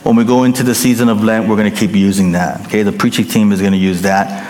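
A man preaching a sermon as pastor, emphatic, rising to loud peaks and dropping to hushed endings, often checking in with the congregation. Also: fairly low pitch, level tone, quick pace, a little hiss or hum. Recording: long hall reverb.

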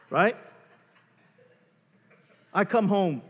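A man preaching a sermon as a pastor, animated and joking, acting out little scenes between himself and his wife. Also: fairly high pitch, moderate pace. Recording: long hall reverb.

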